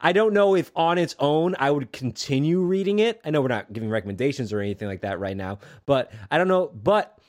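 A man with a somewhat high voice chats casually on a podcast. He asks curious questions and often repeats his words as he restarts his sentences. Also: lively intonation, fairly quick, few pauses, a little mellow. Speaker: podcast co-host. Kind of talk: casual chat about comics.

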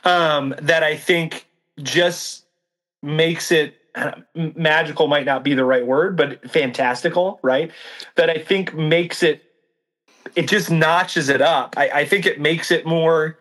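A man with a fairly high voice in a relaxed book discussion. He thinks aloud, hunts for the right word and keeps checking in with his co-host. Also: takes it slowly. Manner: thoughtful, searching for words, frequent "right?" checks.

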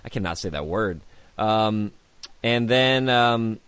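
A man's voice: lowish voice, slow pace, a bit bright, clean tone, no room sound. A man co-hosting a podcast in casual chat, reading through a list and joking along. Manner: reads list items aloud, jokey, laughs often. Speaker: podcast co-host.

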